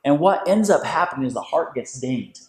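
Man hosting a faith talk, preacherly delivery, lively pitch swings, echoey room. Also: a little fast. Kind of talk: faith-based conversation.

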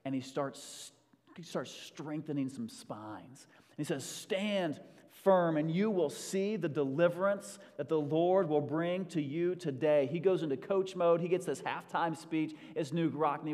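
Animated man preaching in an echoing church hall. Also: fairly high pitch, unhurried. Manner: animated, swings from loud rallying to quiet and intimate. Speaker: pastor. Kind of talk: sermon. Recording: long hall reverb.

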